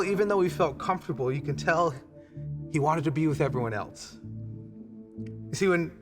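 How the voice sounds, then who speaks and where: A man in his thirties, a pastor, telling a family story in a conversational online church sermon with frequent restarts. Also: fairly high pitch. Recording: long hall reverb with music behind.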